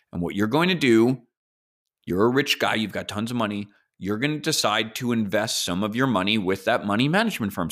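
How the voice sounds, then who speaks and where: A man voicing a calm, scheming financier who lowers his voice to confide and reassure, in a comic podcast re-enactment. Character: smooth scheming male financier, calm and persuasive.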